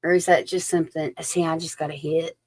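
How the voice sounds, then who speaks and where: A woman's voice: low voice, flat delivery, brisk, darkish tone. A woman doing a chatty live psychic reading, folksy and informal, sometimes dropping into a whisper. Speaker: psychic reader. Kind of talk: live-stream tarot reading chat.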